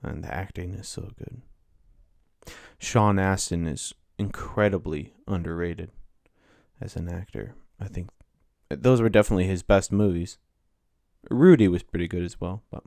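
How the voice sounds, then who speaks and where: Guy with a lowish voice chatting offhand on his podcast, dry close mic, kinda rambly. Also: unhurried, gravelly, long pauses, darkish tone, no room sound. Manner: rambling, self-interrupting, offhand. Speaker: podcast host. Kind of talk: casual solo podcast talk.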